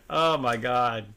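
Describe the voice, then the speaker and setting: Bright-voiced man telling a story. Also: mid-range voice. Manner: animated anecdote-telling with acted quotes. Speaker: podcast host. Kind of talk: casual chat, storytelling.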